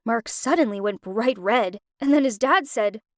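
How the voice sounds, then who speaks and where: A woman with a high voice narrates an animated first-person story with plenty of feeling. The recording is dry and close, with no room sound. Her delivery moves freely between emotions. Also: normal speed, no room sound. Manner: emotive, with wide swings of expression.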